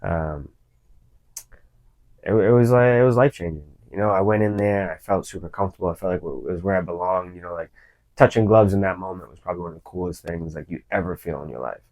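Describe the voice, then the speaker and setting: A man who fights and coaches in mixed martial arts, talking in a casual interview with loose, fast storytelling full of "you know" fillers. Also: sits low, a little mellow, no echo, rough recording.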